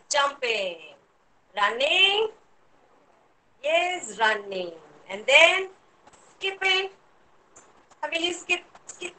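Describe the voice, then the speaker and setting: Indian English kindergarten teacher, woman, high voice, unhurried patient instructions to little kids. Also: bright, forceful tone, poor audio. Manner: slow, clear, encouraging instructions to small children. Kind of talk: online class instruction.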